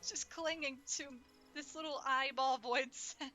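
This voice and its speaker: A woman's voice: sits high, steady tone, a little slow, sharp tone. Giggly young woman streaming a game. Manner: giggly, chatty, playful. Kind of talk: casual live-stream chat. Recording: game music in the background.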